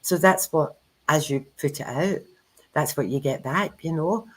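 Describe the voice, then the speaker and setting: Woman telling lively stories. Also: sits low, measured pace, rough recording. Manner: animated storyteller who acts out quoted dialogue. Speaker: co-host of a spiritual chat. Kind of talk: casual chat.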